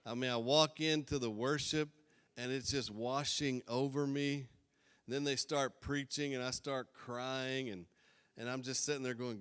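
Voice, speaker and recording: A man's voice: mid-range voice, normal speed, a bit bright, in a large hall. A middle-aged man preaching a sermon as a pastor, earnest and rambling, joking at his own expense. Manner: earnest, rambling, self-deprecating. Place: church sanctuary.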